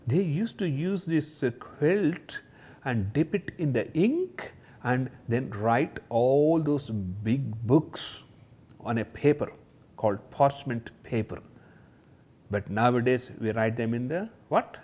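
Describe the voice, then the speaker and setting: A man teaching a kindergarten lesson, talking gently and directly to young children and exclaiming over each picture. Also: medium pitch, animated, takes it slowly.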